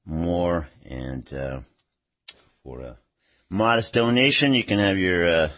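Low-voiced radio host. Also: male voice, fairly bright tone. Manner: unhurried, many "uh" pauses. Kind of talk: radio talk show. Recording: dull radio broadcast audio.

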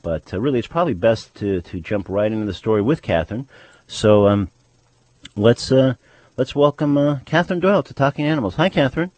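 A man hosting a radio show, speaking haltingly with many pauses and fillers. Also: mid-range voice, animated, darkish tone, no room sound. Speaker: radio host.

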